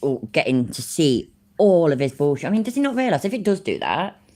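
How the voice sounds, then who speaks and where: A woman's voice: deep voice, big pitch swings, fairly quick, mellow. A woman giving rambling, sarcastic live-stream commentary on a video and swearing freely.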